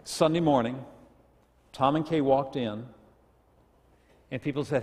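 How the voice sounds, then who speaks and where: A man's voice: mid-range voice, measured pace, pauses often, darkish tone. Folksy male pastor, echoey sanctuary. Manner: folksy humorous storytelling; leads congregation in reading aloud. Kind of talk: sermon. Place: church sanctuary. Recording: echoey church hall.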